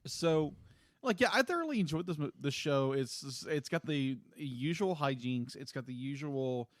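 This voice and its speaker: Man, podcast co-host, casual chat, halting with restarts, mid-pitched, dry close mic. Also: expressive, dry recording. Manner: rambling, halting with many restarts and fillers.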